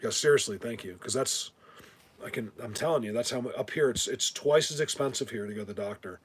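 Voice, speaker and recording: A man's voice: medium pitch, fairly quick, breathy edge. A man hosting a casual livestream, rambling and stammering as he thanks viewers, bothered by a whistling ringing in his ears. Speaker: livestream host.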